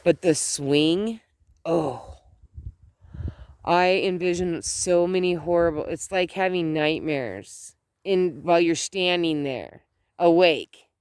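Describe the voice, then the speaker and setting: A woman's voice: fairly low pitch, slow pace, darkish tone, clear, resonant tone, no echo. A middle-aged woman vlogging outdoors at home, chatting in a rambling way with many restarts. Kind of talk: casual chat.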